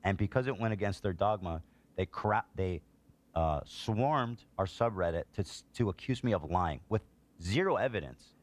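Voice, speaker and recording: Deep-voiced man ranting about online posts. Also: normal speed. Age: adult, a parent. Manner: exasperated, indignant, reads posts aloud. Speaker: streamer reacting to online posts. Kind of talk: heated political commentary.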